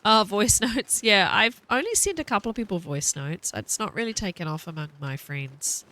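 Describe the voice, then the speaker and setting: Kiwi lady streamer rambling along, bright forceful voice, laughs a lot. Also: mid-range voice, animated, normal speed. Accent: New Zealand. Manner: chatty, rambling, laughs often. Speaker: game streamer. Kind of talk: casual chat while streaming.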